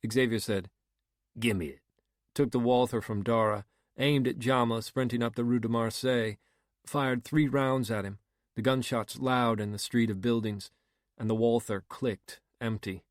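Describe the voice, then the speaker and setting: A man reading a crime novel aloud in a steady, unhurried narration. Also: medium pitch, no room sound, studio quality. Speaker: audiobook narrator. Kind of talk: scripted narration.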